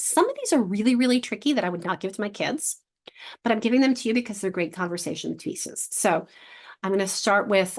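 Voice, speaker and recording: A female literacy instructor runs an online workshop for teachers, speaking encouragingly and sounding out syllables slowly. Her voice is mid-range.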